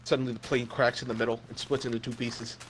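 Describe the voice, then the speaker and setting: A young man running a comedic role-play game as game master, narrating in a deadpan, crude way. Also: medium pitch, fast, a little hiss or hum.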